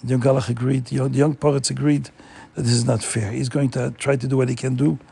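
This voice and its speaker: A man telling a Jewish folk story in an animated way, repeating words for emphasis. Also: mid-range voice, quick pace, vocal fry, husky.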